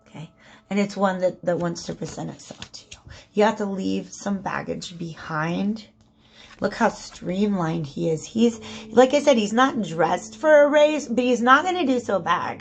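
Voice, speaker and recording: A woman's voice: mid-range voice, gravelly. A woman giving a casual spoken tarot reading, chatty and prone to repeating herself, often checking in with "okay?". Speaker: tarot reader.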